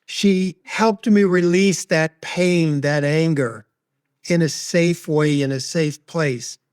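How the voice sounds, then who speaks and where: A man speaking as a guest expert on grief, sharing a personal story in an earnest, measured, heartfelt way. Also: on the high side, a little mellow, no echo, clean studio sound.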